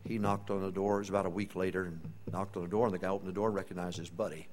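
A preacher with a fairly low voice delivers a sermon as earnest, folksy storytelling. He often drops to a hushed tone as he tells his story. His plain, direct delivery stays close to the congregation. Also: flat delivery, rapid-fire. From East Texas. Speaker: pastor.

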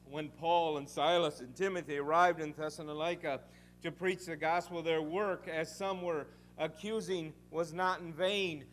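Older guy preaching, pretty high voice, fired up then goes quiet, lots of "do we?" questions and folksy stories. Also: fairly even intonation, normal speed, slight background noise. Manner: fervent, emphatic, swings between loud exhortation and quiet asides; folksy storytelling with rhetorical questions. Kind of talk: sermon.

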